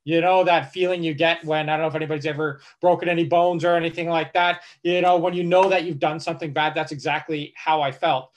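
A man's voice: a little high, quick pace, few pauses. A man, a travel blogger and guest, telling a story casually with lots of restarts and fillers. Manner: animated, many restarts and fillers. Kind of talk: conversational storytelling.

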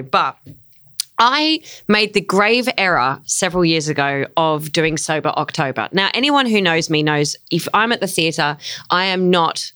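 Brief: English woman in her 30s, lowish voice, guest chat, animated, laughs easily, English accent worn down by years in Australia. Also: unhurried, clear, resonant tone. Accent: English, softened by years in Australia. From England. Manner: animated storyteller, laughs often, acts out quoted voices. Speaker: podcast guest, stage performer and producer. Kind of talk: casual interview chat.

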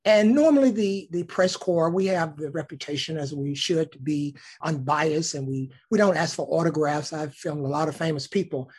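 Husky man telling a story. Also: a little high, moderate pace, few pauses. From Alabama, United States. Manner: animated storyteller, acts out quoted voices. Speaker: news cameraman. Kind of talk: storytelling in a casual interview.

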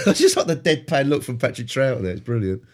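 A man's voice: medium pitch, big pitch swings, quick pace, a little mellow. A British man co-hosting a podcast, chatting casually and wryly while they watch an episode together. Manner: wry, chuckling commentary. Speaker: podcast co-host.

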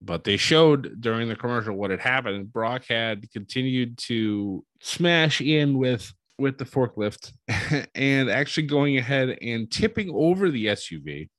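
A man in a dry, close-sounding space recaps the night's events with a lively voice that leaps up and down in pitch. He tells it like a story, breaking into chuckles and putting on quick voices. His pitch sits in the middle range. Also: no room sound. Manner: animated storytelling, chuckles often, acts out quotes. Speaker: wrestling show recap host. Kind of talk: casual recap commentary.

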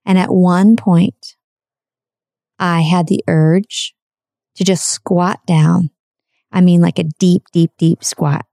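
Warm, low-voiced woman telling a story. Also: little pitch movement, creaky, dry recording, clean studio sound. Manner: earnest, repetitive, slows for emphasis. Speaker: speaker sharing a personal story. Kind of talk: confessional personal storytelling.

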